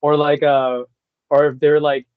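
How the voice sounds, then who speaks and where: A man's voice: a little high, flat delivery, a little slow, smooth, dry recording. Chill young guy talking voice acting, says dude a lot, kinda muffled dry audio. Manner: laid-back, laughing, says "dude" and "man" a lot. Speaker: voice actor guest. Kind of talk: casual chat.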